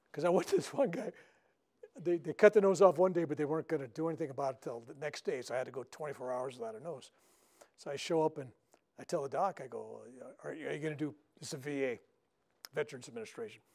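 A fairly high-pitched, dark-toned male voice belongs to an older minister leading a workshop in a spiritual center meeting room. Addressing a live group, he tells stories in a chatty way and often adds "right?"

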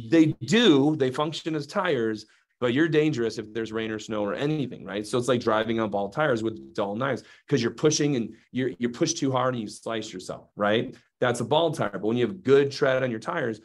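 A man giving a hands-on cooking demonstration, chatty and playful, often checking in with his audience. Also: mid-range voice. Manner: playful asides while demonstrating. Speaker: knife demonstrator.

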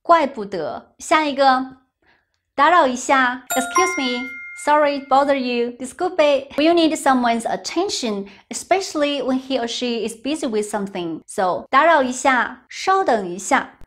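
A woman teaching a language lesson, saying each phrase, explaining it simply and repeating it slowly. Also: high voice, lively intonation, background noise. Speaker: Chinese teacher.

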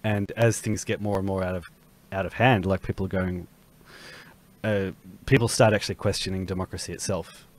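Low-voiced man, hesitant. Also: steady tone, a little fast. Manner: hesitant, many fillers. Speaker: podcast co-host. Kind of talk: political panel chat.

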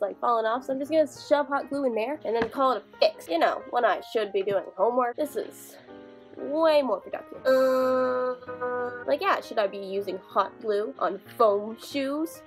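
A woman's voice: sits high, fairly bright tone. A young woman chatting casually in her bedroom, rambling and poking fun at herself as she films on a phone. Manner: chatty, rambling, self-mocking. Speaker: vlogger. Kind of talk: casual vlog chat.

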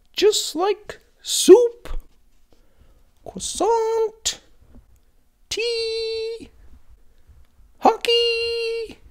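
A performer voicing Linda, a chirpy woman with a squeaky high voice who folksily mangles French phrases in a comedy sketch. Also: darkish tone, heavily acted.

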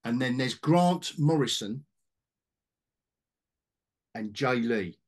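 A man's voice: mid-range voice, expressive, slow pace. A middle-aged man hosting a casual podcast chat about comics, rambling with restarts and asides. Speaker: podcast host, comic collector.

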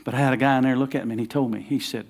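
A middle-aged pastor with a drawl delivers his sermon at a mid pitch. He talks in a loose, conversational way with restarts, then builds to loud, fervent emphasis. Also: fairly even intonation, racing, husky. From Southern United States.

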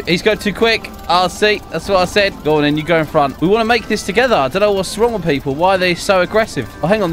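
A young man giving jokey, excitable commentary over his own gameplay, laughing often. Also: sits high. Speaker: gaming YouTuber.

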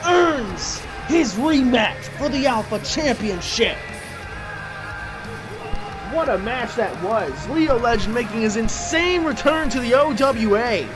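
A man doing play-by-play wrestling commentary, excitable and bursting into shouts at the big moments. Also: very high-pitched, slow, background noise. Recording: clear music playing behind. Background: music.

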